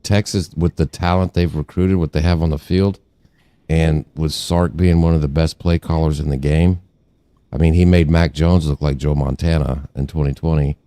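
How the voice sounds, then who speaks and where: Really deep mellow dude, measured football analysis, dry close mic. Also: male voice, fairly even intonation, dry recording. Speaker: podcast co-host. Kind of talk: casual sports chat.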